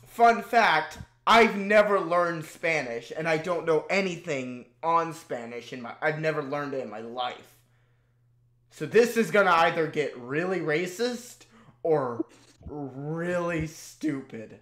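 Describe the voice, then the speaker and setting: A young adult host giving casual, animated commentary on old videos. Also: mid-range voice, slow pace. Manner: animated, laughing, exclaiming. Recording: echoey room.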